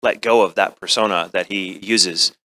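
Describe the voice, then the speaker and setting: Bright-voiced man telling an earnest story. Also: deep voice, fairly even intonation, moderate pace. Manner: earnest, emotionally open storytelling. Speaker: voice actor and scriptwriter. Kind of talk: convention panel Q&A storytelling. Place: convention panel room.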